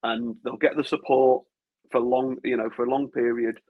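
A man's voice: mid-range voice, little pitch movement, normal speed. A man co-hosting a casual football podcast, talking in long rambling runs full of restarts. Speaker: podcast co-host. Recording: dull lo-fi sound.

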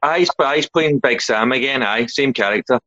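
A man's voice: mid-range voice, a little fast, a bit bright, no room sound, dull audio. A Scottish man co-hosting a casual film podcast, easygoing and laughing often as he recaps films plainly. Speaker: podcast co-host.

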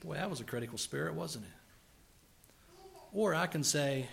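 A man preaching a sermon, acting out grumbling voices and asking rhetorical questions, swinging from quiet asides to loud outbursts. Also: a little high, expressive, moderate pace, creaky, pauses often, husky.

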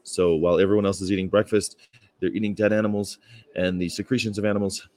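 Low-voiced man rambling on a livestream. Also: little pitch movement, fast, a little mellow. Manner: rambling, anecdotal, with frequent fillers and laughs. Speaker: vegan activist livestreamer. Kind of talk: casual livestream chat. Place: outdoors on a campus, beside his truck. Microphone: phone or camera.

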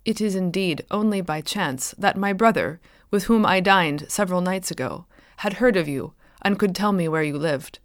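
A man's voice: sits high, normal speed, a bit bright, dry recording, clean studio sound. A woman voicing a soldier who interprets and confirms details in a matter-of-fact way.

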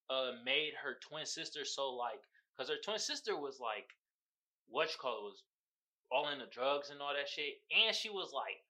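A young man with a Californian accent hosting a casual podcast, telling stories loudly and animatedly with laughter and profanity. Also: on the high side. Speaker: podcast host. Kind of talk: casual solo podcast chat.

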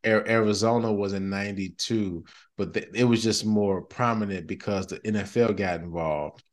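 A middle-aged man hosting a podcast in casual chat, animated and slangy, often laughing. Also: fairly low pitch, normal speed. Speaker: podcast host.

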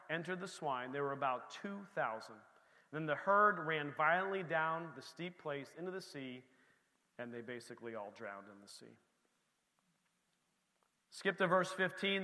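A man preaching a sermon in a church, swinging between loud emphasis and soft, quiet passages. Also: on the high side, in a large hall. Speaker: pastor.

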